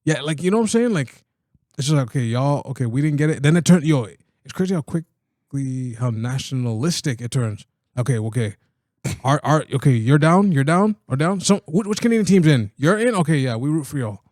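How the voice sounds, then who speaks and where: A man's voice: a little high, expressive, a little fast, darkish tone, dry recording, clean studio sound. A man co-hosting a podcast, joking and laughing through casual sports banter, often repeating his words. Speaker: podcast co-host.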